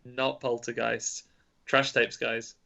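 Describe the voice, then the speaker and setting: A man's voice: medium pitch, flat delivery, takes it slowly, vocal fry, sharp tone, muffled recording. A man running a casual podcast quiz, reading out clues in a playful, teasing way. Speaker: quizmaster.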